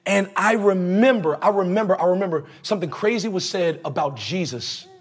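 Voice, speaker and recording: A man's voice: sits high, a little fast, husky. A male preacher giving a conversational, slangy sermon, leading the congregation in call-and-response.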